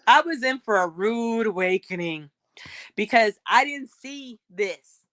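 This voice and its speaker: A woman's voice: a little high, expressive, measured pace, a bit bright. A woman from California, earnest and reflective, telling a personal story in a casual conversation. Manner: earnest, reflective, spells things out. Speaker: podcast guest.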